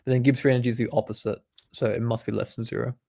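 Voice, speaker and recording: A man's voice: mid-range voice, little pitch movement, racing, vocal fry, mellow. A young man, a medical student, reading quiz questions aloud and explaining the answers in a laid-back, casual way. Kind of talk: casual quiz study session.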